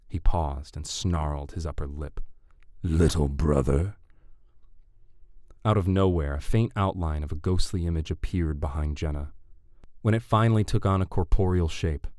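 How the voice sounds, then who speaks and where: A man narrating a dark fantasy audiobook in a measured, deliberate way. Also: low voice, no room sound, studio quality.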